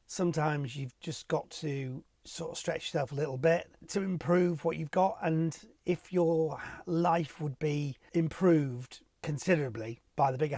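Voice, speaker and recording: Gravelly middle-aged man, chatty to camera. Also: mid-range voice, a little mellow, dry recording. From Warrington, England. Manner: chatty, rambling, self-deprecating. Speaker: TV property presenter answering viewer questions. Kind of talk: casual to-camera Q&A. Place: home office.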